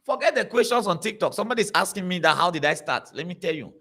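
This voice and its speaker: Guy preaching, bright voice, keeps repeating himself, all over the place pitch-wise. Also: quick pace. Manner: animated, repetitive, storytelling. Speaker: pastor. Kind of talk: preaching to a congregation.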